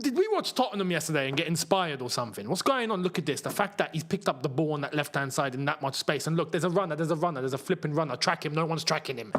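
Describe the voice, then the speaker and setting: A young man hosting a live football watchalong, reacting with frustration and bursts of excitement. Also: a little high. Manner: frustrated, animated, swings between muttering and shouting. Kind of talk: live match watchalong commentary.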